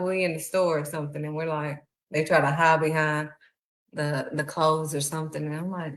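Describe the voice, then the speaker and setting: A woman preaches, speaking in a heartfelt, conversational way. Her voice sits a little low for a woman. The sound carries a noticeable echo from the room around her. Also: steady tone, normal speed, fairly bright tone. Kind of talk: sermon. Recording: echoey room.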